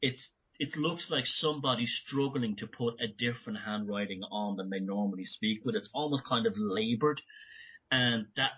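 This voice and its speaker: Guest man, bright and tense, a bit husky; animated, restarts often. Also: mid-range voice, moderate pace. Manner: animated, many restarts and asides. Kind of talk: conversational interview. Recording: dull lo-fi audio.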